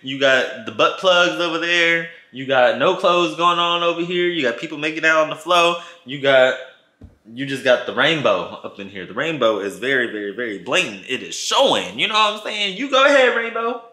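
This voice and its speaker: A man's voice: fairly high pitch, animated, moderate pace, pushed and bright. A man telling a casual storytime to his channel, playful and dramatic, acting out the people he quotes, in an echoey room. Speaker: vlogger.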